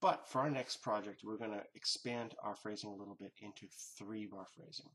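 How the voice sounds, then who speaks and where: A man's voice: lowish voice, fairly quick, a bit bright. Man patiently explaining a music lesson. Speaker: jazz improvisation teacher. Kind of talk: instructional lesson narration.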